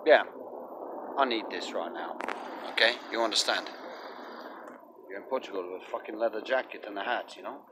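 A man's voice: on the low side, moderate pace, long pauses. An English man rambling and swearing heavily while vlogging on a street outdoors. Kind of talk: rambling casual vlog. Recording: outdoor street with faint traffic.

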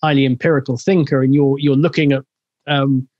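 A man's voice: medium pitch, little pitch movement, a little fast, darkish tone, no echo. A man hosting an interview, asking long, meandering questions with many fillers and restarts. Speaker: interview host. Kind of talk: conversational interview. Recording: dry, dull lo-fi sound.

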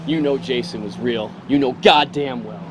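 A man's voice: medium pitch, moderate pace, a little hiss or hum, close to an everyday voice. A man playing a haunted, defiant man who was once committed, speaking outdoors. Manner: bitter, defiant.

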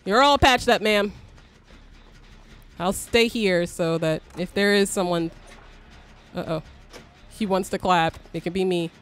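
Excitable young woman streaming a game. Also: mid-range voice, measured pace, pauses often. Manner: excitable, swearing, shrieks when chased. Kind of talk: live gameplay commentary.

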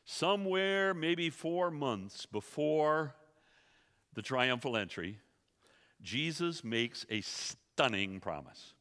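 A man teaching a sermon to a church audience, emphatic and quick, asking the room rhetorical questions. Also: on the high side, big pitch swings, fairly bright tone, long reverb tail. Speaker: Bible teacher. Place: church sanctuary.

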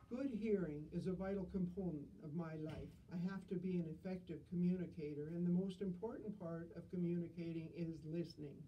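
A woman's voice: fairly low pitch, brisk, few pauses, recorded from a distance, muffled recording, a little hiss or hum. An older woman reading humorous stories with dry, self-deprecating wit.

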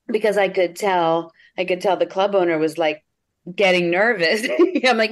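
A woman comedian on a video call, telling a personal story in an animated way and acting out the quotes. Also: on the low side, moderate pace. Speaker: comedian guest.

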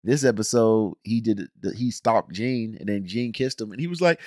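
A man hosting a casual reaction review, ranting in an animated, emphatic, slangy way with many restarts. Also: lowish voice, brisk, no echo, clean studio sound. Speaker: reaction channel host.

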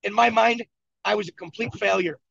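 High gravelly man coaching on a video call. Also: fairly quick, fairly bright tone, dry recording. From Buffalo, New York. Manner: emphatic, repetitive storytelling. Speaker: team leader and coach. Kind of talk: motivational coaching talk. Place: moving vehicle. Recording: dull lo-fi video call audio.

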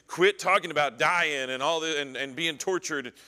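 An impulsive grown disciple, as a man puts him on, rattling off an earnest scolding in a rush. The voice is on the high side for a man and sharply bright. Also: normal speed, long reverb tail. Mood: urgent. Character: impulsive adult male disciple scolding his teacher.

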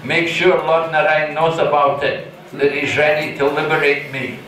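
A man voicing a proud, indignant high-born priest who blusters and scoffs. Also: flat delivery, normal speed, fairly bright tone, close to an everyday voice. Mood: demanding. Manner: scornful, blustering, raises pitch in anger. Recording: echoey hall, distant mic.

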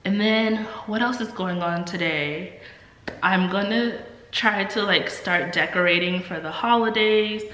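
A woman's voice: medium pitch, a little slow, sharp tone, echoey room, big-room sound, low-quality recording. A young woman in her twenties, stuffy and under the weather, chatting casually in a vlog with many ums and likes. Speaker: vlogger.

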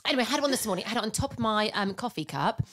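A woman's voice: fairly high pitch, animated, rapid-fire, a bit bright. A woman co-hosting a casual podcast from a studio, telling stories and laughing often. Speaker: podcast co-host. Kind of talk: casual chat.

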